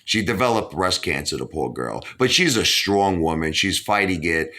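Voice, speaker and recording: A man's voice: low voice, lively intonation, normal speed, bright, forceful tone. A man from Brooklyn, hosting a casual interview and rambling with lots of "you know". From Brooklyn, New York. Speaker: host.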